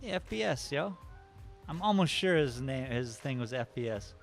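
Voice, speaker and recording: A man's voice: medium pitch, lively intonation, normal speed, gravelly. A laid-back man hosting a live drawing stream, rambling and joking with chat in a mid-range voice. Faint music plays behind him as he talks.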